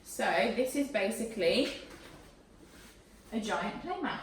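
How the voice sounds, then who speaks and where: A pregnant young woman gushing excitedly through an unboxing vlog in her living room, a little out of breath. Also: mid-range voice, slow pace, far from the mic, a little hiss or hum. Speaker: parenting vlogger. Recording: echoey room, camera mic away from her.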